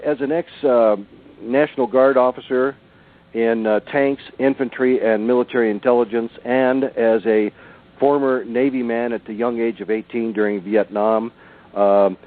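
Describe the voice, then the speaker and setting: A man in his sixties, a guest on a radio show, telling stories in an earnest, emphatic way over the phone. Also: medium pitch. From Southern California. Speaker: author and researcher guest. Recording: tinny phone line.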